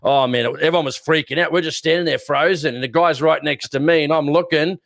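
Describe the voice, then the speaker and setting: A man's voice: a little high, fast, gravelly, no echo, clean studio sound. Australian man telling a rambling story. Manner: rambling, animated storyteller who acts out shouting. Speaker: podcast co-host. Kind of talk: casual chat, storytelling.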